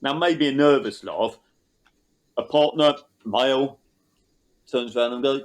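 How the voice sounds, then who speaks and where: A man's voice: mid-range voice, a little slow, pauses often, poor audio. Man telling a rambling anecdote. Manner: rambling anecdotal storytelling, quoting people. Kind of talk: casual interview conversation.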